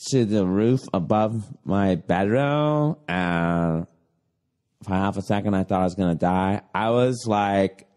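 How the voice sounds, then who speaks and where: A man's voice: fairly low pitch, a little mellow, clear, resonant tone, voice pushed down. A man mocking a dim, whiny young woman. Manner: mocking, drawn-out dragging delivery.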